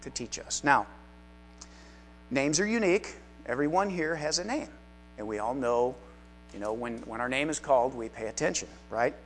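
A man's voice: medium pitch, lively intonation, moderate pace, pauses often, faint music behind. A man teaching a live Bible study class in a chatty, self-deprecating way, with frequent asides to the group.

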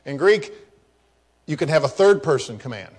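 A man's voice: a little high, lively intonation, moderate pace, a little mellow. A man preaching a teaching sermon on prayer, explaining grammar with asides and repeating phrases for emphasis. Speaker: pastor.

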